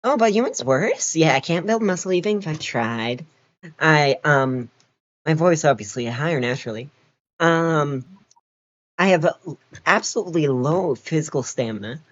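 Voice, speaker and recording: A young man in his late teens with a naturally high voice, chatting casually with a friend on a call and playfully shifting his pitch around. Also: expressive, moderate pace, fairly bright tone, highs cut off. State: dry mouth. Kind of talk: casual chat.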